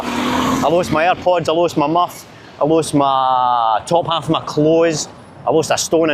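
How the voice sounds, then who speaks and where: A Glaswegian man talks to camera as he strolls busy city streets, cracking jokes and rambling from one thing to the next. His voice sits at a middling pitch. Faint street ambience hums behind him. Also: a little hiss or hum. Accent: Glaswegian Scottish. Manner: chatty, joking, rambling banter. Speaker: vlogger filming a city walk. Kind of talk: casual walking vlog to camera.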